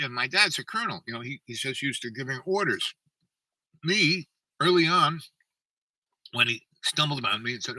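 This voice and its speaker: A man's voice: medium pitch, lively intonation, normal speed, bright, forceful tone, no room sound, far from the mic, poor audio. A man telling a long personal story in a meandering, self-interrupting way and acting out the people he quotes. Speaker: channel host.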